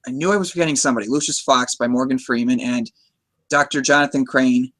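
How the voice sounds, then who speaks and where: A man's voice: mid-range voice, steady tone, fast talker, fairly bright tone. Enthusiastic American man hosting a podcast. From United States. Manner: chatty, enthusiastic, many restarts. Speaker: podcast host. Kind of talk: casual movie discussion.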